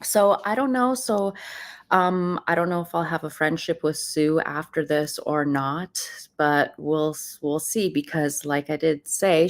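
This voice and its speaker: A woman hosts a casual livestream, talking straight to her viewers and calling them friends. Her voice sits low. She takes her time, speaking in an unhurried way. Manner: chatty, addresses viewers as friends. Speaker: host of a livestream channel. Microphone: computer mic on a live stream.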